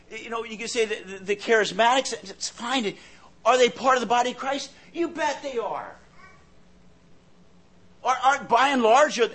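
Preaching with real earnestness, this man has a husky voice that sits high. He frequently repeats words while searching for what comes next, and his loudness rises and falls.

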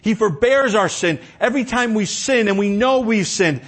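Husky-voiced man preaching with rising fervor. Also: sits high, expressive, normal speed, hardly any pauses. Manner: impassioned, repeats words, swings from loud emphasis to quiet. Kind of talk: sermon. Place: church.

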